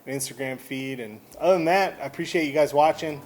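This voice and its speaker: A man with a Texan accent casually telling a story to camera, rambling and animated, with frequent restarts. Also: mid-range voice, fast, music in the background. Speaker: vlogger.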